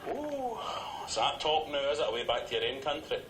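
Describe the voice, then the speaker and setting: An actor playing an exasperated Scottish man stuck in a voice-controlled lift, loud and sarcastic, in a comedy clip played back in a hall. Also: a little high, huge pitch swings, a little fast, slight background noise. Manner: loud, sarcastic, laughing and shouting. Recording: comedy clip played in an echoey hall, far from the mic, loud audience laughter.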